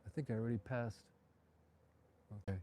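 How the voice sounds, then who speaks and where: A man's voice: medium pitch, fairly even intonation, moderate pace, warm tone, slight background noise. A man, a realtor, chatting and joking in opinionated asides while walking outdoors through town streets on a live vlog tour, filmed on a handheld phone.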